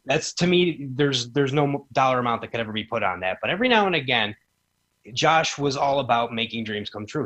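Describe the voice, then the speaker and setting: A man's voice: medium pitch, pushed and bright. A man in his thirties, a guest on a podcast, telling casual stories and acting out quoted dialogue in a raised voice. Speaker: podcast guest, former wrestling promoter. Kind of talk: casual storytelling chat.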